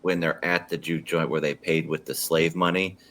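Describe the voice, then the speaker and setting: A man's voice: rumbling low, steady tone, moderate pace, a bit bright. A man co-hosting a podcast, rambling casually about a film with restarts. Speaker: podcast co-host. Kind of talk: casual movie review chat.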